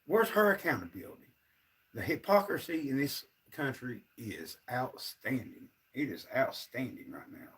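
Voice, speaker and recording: A man's voice: medium pitch, sing-song, a little slow, few pauses, a bit bright, distant mic. A man, ranting to his viewers on a casual livestream, sounding frustrated and fed up. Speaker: livestream host.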